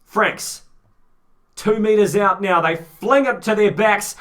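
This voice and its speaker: A man with a New Zealand accent doing excitable, joking amateur play-by-play rugby commentary. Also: high voice, slow pace. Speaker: fan commentator.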